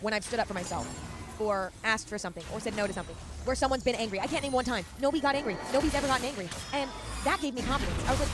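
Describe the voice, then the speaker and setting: A woman hosting a podcast, giving casual advice in a fast, emphatic and chatty way. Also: fairly high pitch. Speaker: podcast host. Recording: loud music under the voice. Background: loud music.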